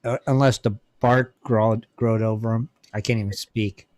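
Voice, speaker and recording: A man's voice: on the low side, flat delivery, moderate pace, darkish tone. A man co-hosting a casual radio show, chiming in with short reactions and jokes. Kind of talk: casual chat.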